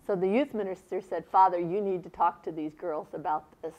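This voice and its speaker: A woman's voice: lowish voice, brisk, a little mellow, lo-fi sound. A woman leading a seminar workshop, talking conversationally and retelling a story with quoted dialogue. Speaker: seminar speaker. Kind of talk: seminar talk with a workshop exercise. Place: seminar room.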